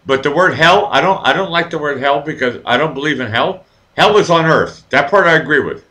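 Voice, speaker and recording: This show host's voice is a little high and slightly fast, captured on a low-quality recording. In his casual live talk show, he tells animated, rambling stories and cusses without restraint.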